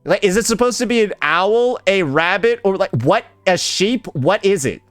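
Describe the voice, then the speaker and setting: Male gaming reactor, blunt and profane, animated delivery, dry mic, faint music. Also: high voice, moderate pace, smooth, no room sound. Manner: blunt, incredulous, keeps saying bro. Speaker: gaming YouTuber.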